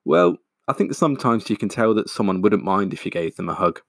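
A man's voice: sits low, lively intonation, brisk, no echo, studio quality. A man voicing a nervous young man who talks in a casual, jokey way.

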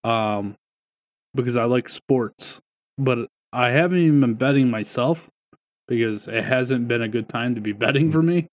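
A man's voice: medium pitch, normal speed. A young man co-hosts a sports podcast, streaming from home. His voice sits in a middle range, and he talks bluntly, swears often and spins loose stories. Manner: blunt, profane, storytelling. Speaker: podcast co-host. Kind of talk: casual chat.

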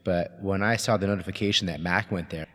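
Casting: lower-voiced male co-host, inquisitive, reverberant room sound. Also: steady tone, a little fast, a bit bright. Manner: inquisitive, asks the others. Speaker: podcast co-host. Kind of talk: casual sports chat.

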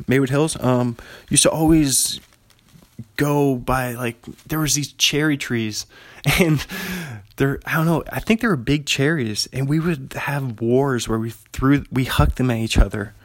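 A man's voice: mid-range voice, no echo. A man in his thirties from Washington State, hosting a solo podcast and telling rambling, digressive stories with frequent chuckles. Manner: digressive, chuckling, casual storyteller. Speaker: podcast host.

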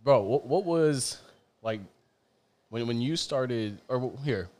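A man's voice: mid-range voice, lively intonation, slow, a little mellow. A young man hosting a casual podcast chat, laid-back and slangy with many fillers. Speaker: podcast host.

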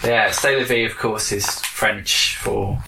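A man's voice: on the low side, fairly even intonation, slow, gravelly, background noise. A man co-hosting a podcast in casual chat, dry and teasing. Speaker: podcast co-host. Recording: roomy echo.

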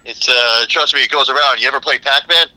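A man voicing a boastful old-time male explorer, fast-talking and pushy as he insists he is Italian. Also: medium pitch, sharp tone, no echo, pitched above the performer's own voice, low-quality recording. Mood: reassuring.

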